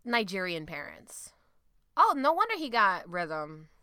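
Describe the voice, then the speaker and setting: Lively chatty young woman. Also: medium pitch, unhurried, clear, resonant tone, no room sound, studio quality. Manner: lively, laughing, mimics her mom's voice. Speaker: podcast host. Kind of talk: casual podcast chat.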